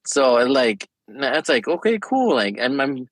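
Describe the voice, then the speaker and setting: A man's voice: medium pitch, a little slow, a bit bright, no echo, low-quality recording. Easygoing male podcast co-host. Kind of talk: casual chat.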